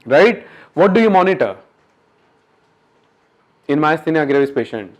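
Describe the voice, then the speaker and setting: A man giving an interactive medical lecture at a workshop, quizzing the audience in a coaxing, brisk way. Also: on the high side, very animated, muffled recording.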